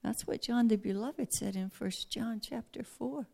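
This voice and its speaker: A woman preaching a sermon earnestly, often dropping to a hushed near-whisper. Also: fairly high pitch, unhurried, gravelly.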